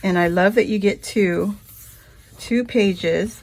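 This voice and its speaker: A woman vlogger chatting casually through a shopping haul, rambling and breaking into high, gushing squeals over cute things. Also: a little slow, a little hiss or hum. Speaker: craft vlogger.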